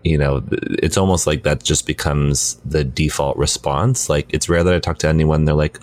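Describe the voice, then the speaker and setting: A man co-hosting a podcast, talking in a relaxed, reflective way with many fillers, close to the mic. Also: rumbling low, normal speed, hardly any pauses. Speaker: podcast co-host. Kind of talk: casual chat. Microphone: close mic on weight plates.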